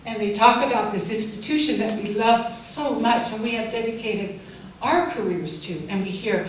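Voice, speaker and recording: An older woman gives a heartfelt farewell speech with gentle humor. She sounds far from the mic, in a very echoey hall with faint noise behind her. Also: medium pitch, moderate pace. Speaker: farewell speaker. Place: event room.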